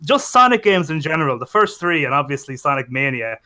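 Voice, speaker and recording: A man's voice: on the high side, sing-song, a little fast, bright, forceful tone. A young man in casual podcast chat, rambling and correcting himself, enthusiastic about games. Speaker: podcast co-host.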